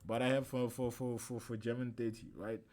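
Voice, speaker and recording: A man's voice: mid-range voice, level tone, fairly quick, a little mellow. Chatty man teaching trading on stream. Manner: loose and chatty, keeps asking "right?", slangy asides. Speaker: trading instructor streaming a lesson. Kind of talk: casual livestream trading lesson.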